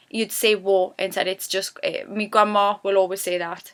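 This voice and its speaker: A woman's voice: mid-range voice, moderate pace, hardly any pauses, clear, resonant tone. A woman with a Geordie accent from Newcastle, giving a casual, chatty spoken lesson on local words and phrases. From Newcastle, England. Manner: chatty, animated when voicing example phrases. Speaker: YouTuber teaching dialect.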